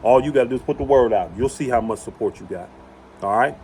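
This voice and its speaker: A man's voice: medium pitch, quick pace, darkish tone, slight background noise. A man giving an impassioned religious talk outdoors on his property, hammering points home by repeating them. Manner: emphatic, repeats phrases for emphasis. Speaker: preacher.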